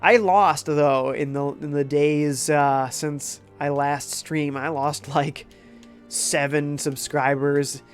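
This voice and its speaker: A stuffy-voiced man streams a game, talking slowly and smoothly in a higher-pitched, steady tone while faint music plays. Congested from a cold, he offers casual, laid-back commentary on his gameplay and reads the chat aloud.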